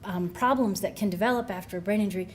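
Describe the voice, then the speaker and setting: A woman's voice: mid-range voice, quick pace, a little hiss or hum. Woman giving a chatty conference talk. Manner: conversational, many fillers and restarts. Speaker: brain injury researcher speaking to coaches.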